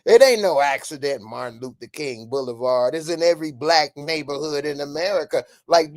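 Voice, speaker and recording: A man's voice: on the high side, vocal fry, darkish tone. Man ranting emphatically on a live stream. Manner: emphatic, ranting, reads out viewer comments. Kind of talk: casual live-stream commentary.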